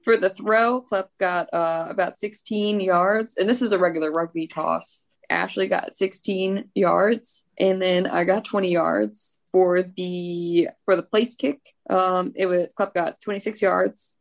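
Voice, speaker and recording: A woman's voice: on the low side, vocal fry. A woman co-hosting a podcast, reading out results in a matter-of-fact, teasing way. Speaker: podcast co-host. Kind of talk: casual chat, reading results.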